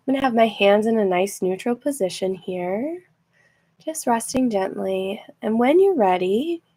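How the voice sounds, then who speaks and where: Slow, gentle woman guiding relaxation. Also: mid-range voice. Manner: slow, gentle and encouraging, with frequent laughs and fillers. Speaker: relaxation practice leader. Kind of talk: guided relaxation session. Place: seated in a chair.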